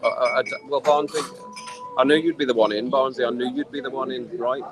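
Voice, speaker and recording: Fast-talking and medium-pitched, a tipsy man delivers an animated, exasperated rant on a casual live stream from an outdoor poolside bar. The recording is rough, with music clearly heard in the background.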